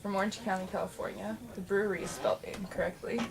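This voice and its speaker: A woman's voice: mid-range voice, steady tone, quick pace, gravelly. A woman friend chiming in with brief teasing remarks during a beer tasting. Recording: distant voice in a noisy room.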